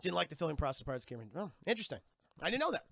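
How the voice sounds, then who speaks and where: A man's voice: a little high, big pitch swings, very fast, creaky, fairly bright tone, no echo, clean studio sound. A man streaming a casual, profane, rambling movie recap to his chat.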